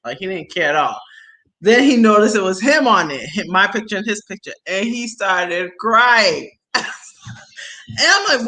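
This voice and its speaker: Woman livestream host, casual and slangy, lively storytelling voice, bright and forward tone. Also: medium pitch, normal speed, rough recording. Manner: animated storytelling with slang and laughs. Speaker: livestream host chatting with viewers. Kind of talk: casual chat.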